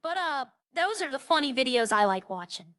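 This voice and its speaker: A woman's voice: sits high, sing-song, normal speed, a bit bright, no room sound. A woman chatting casually on a roleplay stream, rambling through funny stories and imitating the people she quotes.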